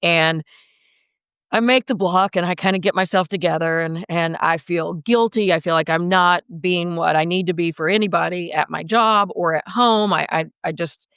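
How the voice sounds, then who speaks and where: Woman, coach, podcast guest, vivid dramatic storyteller, smooth voice, dry sound. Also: lowish voice, fairly bright tone, no echo.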